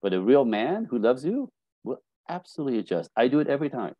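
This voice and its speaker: A middle-aged man, a dating coach, telling lively stories on a podcast and acting out bits of dialogue. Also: mid-range voice, quick pace, no room sound, highs cut off. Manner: animated storytelling, acting out dialogue. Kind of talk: casual podcast conversation.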